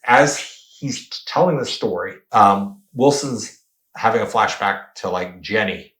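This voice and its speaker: A man's voice: lowish voice, a little slow, fairly bright tone. Rambling man talking about movies. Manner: rambling, fills with "like". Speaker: podcast co-host. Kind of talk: casual film discussion. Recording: echoey room.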